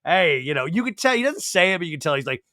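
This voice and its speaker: A man hosting a podcast, giving an animated, digressive, jokey recap of a reality show. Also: fairly high pitch, very fast, dry recording, studio quality. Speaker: podcast host. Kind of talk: casual comedic TV recap.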